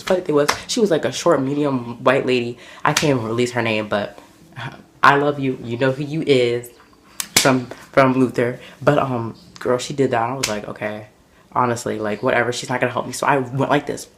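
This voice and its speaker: A man vlogging, telling embarrassing stories in an animated, dramatic way, full of fillers. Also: mid-range voice, normal speed, noisy background. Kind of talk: casual storytelling to camera.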